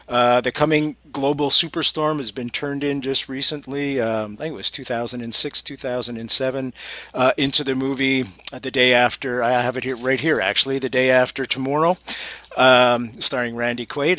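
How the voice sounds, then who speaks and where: A man's voice: mid-range voice, pushed and bright, no echo. A man hosting a radio talk show, interviewing a guest in a conversational way. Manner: conversational, plugs the website.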